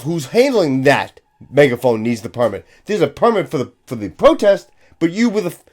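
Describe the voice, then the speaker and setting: A man rants as a police officer, emphatic and full of scorn and profanity. His voice sits high and swings widely from line to line. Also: a little mellow. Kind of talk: ranting commentary.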